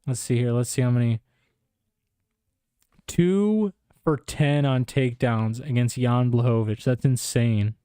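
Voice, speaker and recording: A man's voice: medium pitch, measured pace, long pauses, dark tone, smooth, dry recording, studio quality. A young man ranting casually about fight cards, exasperated and incredulous, dropping "bro" often. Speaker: MMA commentator. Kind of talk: casual opinion rant.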